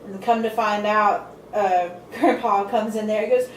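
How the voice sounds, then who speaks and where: A woman's voice: medium pitch, steady tone, unhurried. A woman co-hosting a casual chat, animatedly retelling scenes and acting out the quotes. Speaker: podcast co-host. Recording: roomy, distant mic with faint noise.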